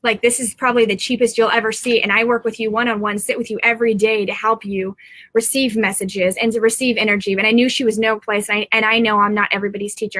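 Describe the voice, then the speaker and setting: A middle-aged woman talks straight to her viewers in a loose, rambling live stream from home. Her voice is bright and sharp, and it sits dry and close with almost no room sound. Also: medium pitch, no echo. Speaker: psychic medium.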